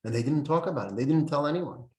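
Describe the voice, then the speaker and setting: A man's voice: on the high side, expressive, quick pace. A man teaching a Torah lesson in an earnest, explanatory sermon style, quoting texts and commentators as he goes. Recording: echoey room.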